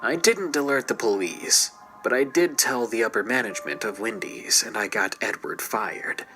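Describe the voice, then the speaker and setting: A man's voice: mid-range voice, moderate pace, sharp tone, faint music behind, poor audio. A man narrating a true scary story in a scripted, dramatic way and dropping into whispers at tense moments.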